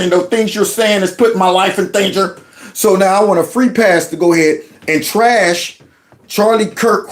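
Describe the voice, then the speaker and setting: Middle-aged male commentator, fired up and sarcastic, higher pitch. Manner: heated, mocking, mimics voices. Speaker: political commentator. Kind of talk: ranting reaction commentary.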